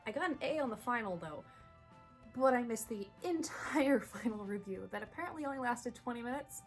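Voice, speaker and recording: A young woman telling a funny story to camera in a casual vlog, animated and laughing between lines. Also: fairly high pitch, fairly quick. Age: young adult. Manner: animated, laughs through the story, chatty asides. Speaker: vlogger. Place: bedroom at home. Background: soft background music.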